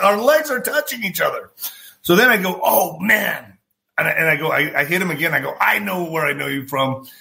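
A male podcast host with a bright, forceful voice set a bit above the usual pitch for men. He tells his story in a loose, chatty way, acts out each exchange of dialogue and swears freely. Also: gravelly. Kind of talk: casual anecdotal storytelling.

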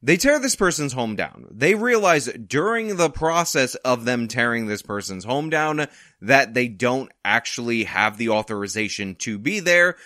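A man hosting his own channel, commenting on a news story in an exasperated, sarcastic, animated way from his apartment. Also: mid-range voice, moderate pace, no echo, studio quality.

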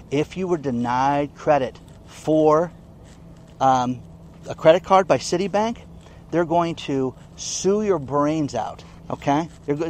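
A man's voice: a little high, slight background noise. A man giving casual, indignant news commentary in a vlog, often checking in with "okay?". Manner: indignant, emphatic, keeps asking "okay?". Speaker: online commentator.

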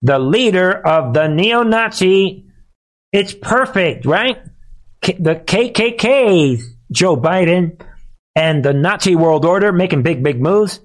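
A man's voice: high-pitched, expressive, slow pace. A man hosting a live commentary show, talking in a sarcastic, emphatic way and often addressing listeners as "folks.".

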